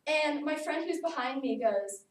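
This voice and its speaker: A young woman tells a personal story in a speech, her voice high and animated, full of casual "like"s. She sounds a little distant from the mic in an echoey room, with a faint hiss behind her. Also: measured pace. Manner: lively storytelling, often saying "like". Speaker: student speaker. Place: classroom.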